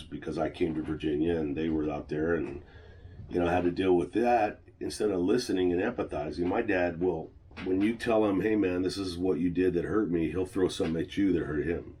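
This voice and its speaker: Man, very low voice, dark mellow tone, middle-aged, blunt and profane, venting monologue, faint hiss behind. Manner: blunt, heavy swearing, venting. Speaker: channel host. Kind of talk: personal vlog monologue.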